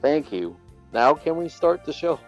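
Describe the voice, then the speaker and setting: A man's voice: a little high, sing-song, a little slow, soft background music, poor audio. A man co-hosting a casual podcast, stammering and repeating words with dry teasing. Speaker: podcast co-host.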